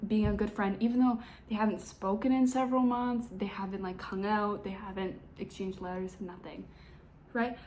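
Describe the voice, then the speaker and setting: A woman's voice: medium pitch, darkish tone, a little hiss or hum. Chatty, sarcastic young woman reviewing books. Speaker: book reviewer. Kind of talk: casual vlog book summary.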